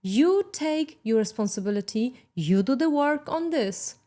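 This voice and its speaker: Slow, emphatic woman giving motivational talk. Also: a little high, animated, dark tone. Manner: emphatic, slow and deliberate, with sarcastic asides. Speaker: self-help podcast host.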